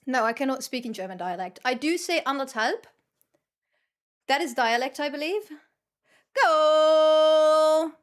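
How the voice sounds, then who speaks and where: Woman, high voice, unhurried, casual game-stream chat, reacts out loud. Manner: chatty, reacts aloud to the game.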